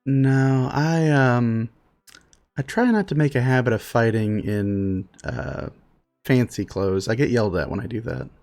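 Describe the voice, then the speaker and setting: A man's voice: mid-range voice, a little slow, darkish tone, natural voice. A man voicing a flustered young woman caught in her nightdress, speaking hesitantly and apologetically.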